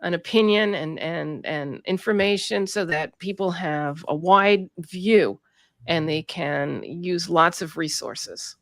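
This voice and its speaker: A woman's voice: lowish voice, slow pace, no echo, clean studio sound. A woman co-host of a talk show, speaking carefully and disclaiming in casual chat.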